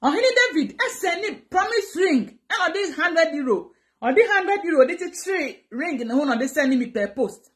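This high-pitched woman speaks at a moderate pace with a Ghanaian accent. She's live streaming, switching between two languages as she reacts dramatically and energetically to comments from viewers.

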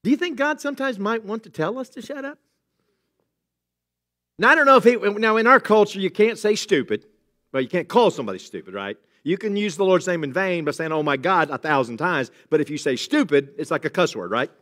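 A middle-aged man preaching a sermon in a church, talking casually and cracking jokes with the congregation. His voice sits a little high and swings widely in pitch. He keeps a loose, chatty manner throughout. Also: lively intonation, a little fast, a bit bright. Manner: jokey, conversational preaching with chuckles and asides to the congregation. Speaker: pastor. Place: church sanctuary.

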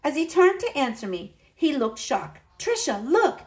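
A woman reading a children's Christmas story aloud, with lively delivery and high excited lines for the children. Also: normal speed, low-quality recording. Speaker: storybook narrator. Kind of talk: storybook read-aloud narration.

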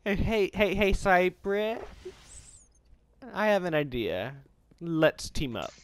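A young man giving casual, excitable gaming commentary, pleading and yelping in bursts. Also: high-pitched, slow pace, smooth, dry recording. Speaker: gamer.

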